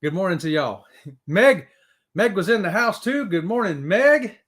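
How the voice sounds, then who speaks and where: Brief: upbeat male stream host reading chat aloud, high voice, whooping greetings. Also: expressive, unhurried, fairly bright tone.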